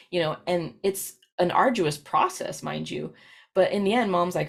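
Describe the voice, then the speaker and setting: A woman's voice: on the low side, normal speed, vocal fry. A woman giving a recorded professional presentation, talking casually with many fillers and acting out quoted parents.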